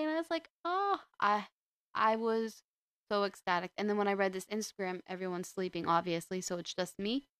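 A young woman talks casually on her podcast, rambling and restarting her sentences as she goes. Her voice is smooth and clear, recorded close up in a dry room with no echo. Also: medium pitch, a bit bright. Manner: chatty and rambling, with many restarts. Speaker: podcast host. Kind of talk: casual chat.

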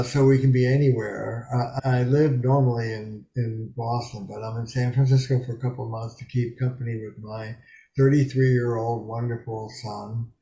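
There's slight background noise and reverb as a man in his seventies, a psychotherapist guest, speaks from a small bedroom study. His mid-range voice is warm, and he's frank and emphatic in the candid interview, swearing freely.

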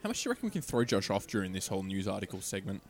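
A man's voice: deep voice, very animated, racing. A young man co-hosting a gaming podcast in casual chat. He rambles, swears often and laughs through his own jokes. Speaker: podcast co-host.

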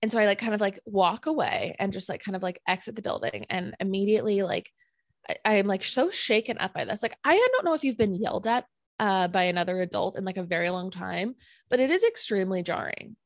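A woman telling a personal story in casual chat, animated and full of "like" fillers. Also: medium pitch, a little fast, creaky, dry recording, clean studio sound. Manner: animated, filler-heavy retelling with many "like"s.

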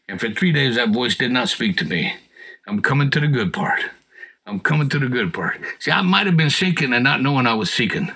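Man, middle-aged, folksy testimony, bright forceful voice, husky edge. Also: medium pitch. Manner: earnest, folksy storyteller, rising to shouted appeals. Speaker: guest telling his testimony. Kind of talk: personal testimony.

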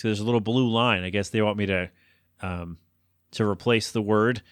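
Rambling solo on his own podcast, this host jokes at his own expense and keeps meandering from the topic. His voice is medium-pitched and a bit bright, captured in clean studio sound with no room noise.

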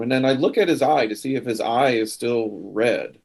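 A man's voice: medium pitch, normal speed, few pauses, a little mellow. Hesitant man playing a tabletop game. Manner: hesitant, stammering. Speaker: player. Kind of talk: tabletop role-play.

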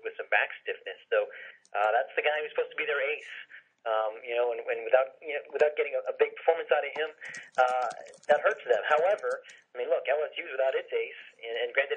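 A man co-hosting a sports podcast, heard over a thin, tinny phone line. His voice is husky and a little rough. He talks fast, stacking up restarts and fillers. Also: mid-range voice, fairly bright tone. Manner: rapid, full of fillers and restarts. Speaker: podcast co-host. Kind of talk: casual sports analysis.

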